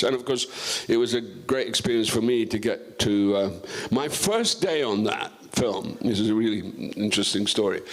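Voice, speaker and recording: Older man telling rambling stage anecdotes. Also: fairly low pitch. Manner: rambling, full of restarts and "you know", acting out quoted voices. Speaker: actor, guest of honor. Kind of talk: relaxed career storytelling on stage. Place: festival stage.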